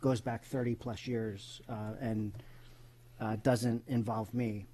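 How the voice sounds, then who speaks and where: A man's voice: on the low side, flat delivery, takes it slowly, dark tone. A man on a school board speaking at a public meeting, paying tribute hesitantly with many uhs and ums.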